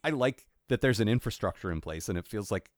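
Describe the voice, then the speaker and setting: A man's voice: fairly low pitch, animated, fast talker, no room sound, studio quality. A man co-hosting a podcast in casual chat, rambling and wry, full of fillers and restarts. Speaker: podcast co-host.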